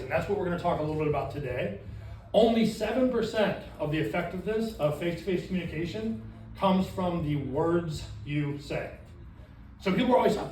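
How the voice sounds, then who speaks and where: High-voiced man coaching a roomful of trainees. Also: slight background noise. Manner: animated, asks the room questions. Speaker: sales trainer. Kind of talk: classroom training talk. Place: training room with a group. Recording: echoey room from far off.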